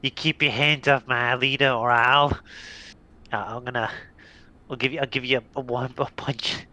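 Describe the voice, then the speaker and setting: A man's voice: medium pitch, fairly even intonation, normal speed, bright, forceful tone. A man playing a blustering spoiled rich kid. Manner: blustering, stumbling over words, slangy.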